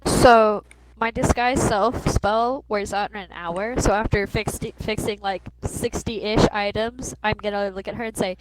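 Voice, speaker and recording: Woman, tabletop player, playful, step-by-step, loud noise behind. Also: medium pitch, steady tone, unhurried, few pauses. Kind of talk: casual tabletop play.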